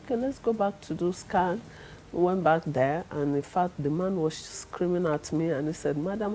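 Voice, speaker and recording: A middle-aged woman, telling her testimony in a lively way and acting out the people she quotes. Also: deep voice, slight background noise, low-quality recording. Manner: acts out the people she quotes, laughs often. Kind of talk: animated storytelling.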